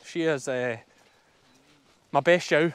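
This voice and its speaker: A man's voice: on the high side, takes it slowly, a bit bright, clean tone, no room sound. A Scottish man, a sheep farmer, chatting casually and explaining as he works outdoors on his farm. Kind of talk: casual vlog narration while working.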